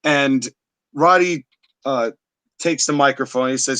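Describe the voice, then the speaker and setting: A man hosting a podcast, retelling a story in a casual, animated way with plenty of filler words. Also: medium pitch, measured pace, long pauses. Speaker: podcast host. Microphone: live-stream setup.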